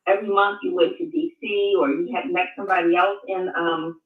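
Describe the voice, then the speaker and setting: An older woman, a guest, who speaks in a measured, halting way and often restarts her words. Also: on the low side, steady tone. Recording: tinny phone-like line, echoey, far from mic.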